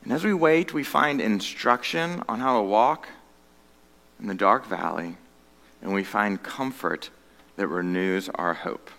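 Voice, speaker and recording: A man preaching a sermon as pastor, earnest, moving between loud emphatic stretches and hushed, low passages. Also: lively intonation, a little slow, gravelly, in a large hall.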